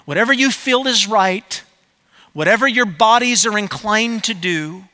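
High, bright-voiced preaching man. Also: expressive, a little slow. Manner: emphatic preaching, swings between loud urging and quiet storytelling. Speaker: pastor. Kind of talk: sermon.

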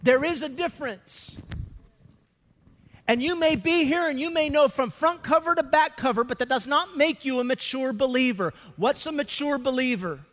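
A man's voice: extremely high pitch, fairly quick, hardly any pauses, a bit bright, long reverb tail. A male pastor preaching a sermon, emphatic, asking the congregation questions and having them call out the missing words.

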